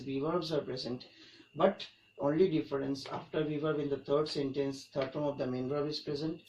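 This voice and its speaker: A man's voice: on the high side, darkish tone. A man teaching an English grammar lesson, explaining each point and repeating it for emphasis. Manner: repetitive, emphatic explaining with restarts. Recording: echoey room, mic at a distance, faint background noise.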